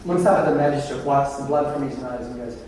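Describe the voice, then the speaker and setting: A man giving a humorous keynote at a conference, telling anecdotes in a wry, animated way. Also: medium pitch, fast talker, slight background noise. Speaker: conference presenter. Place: large conference hall. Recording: very echoey hall, distant mic.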